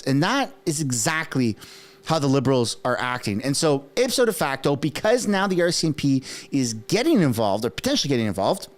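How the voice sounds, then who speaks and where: A man whose first language is French, giving casual political commentary in an animated, conversational way with frequent rhetorical asides. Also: a little high, brisk. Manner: acts out quoted speech in put-on voices.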